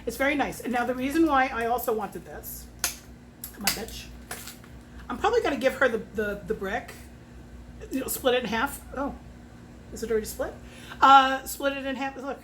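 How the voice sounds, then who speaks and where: A woman in her fifties chatting casually at home as a fragrance consultant, swearing freely and working out prices out loud. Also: high-pitched, a little fast, a little hiss or hum. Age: 50s. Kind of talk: casual chat.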